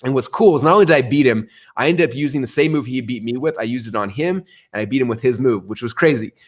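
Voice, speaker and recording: A middle-aged man telling stories in an interview, energetic and animated, acting out the voices he quotes. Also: mid-range voice, fast talker. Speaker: guest. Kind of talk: storytelling interview answer.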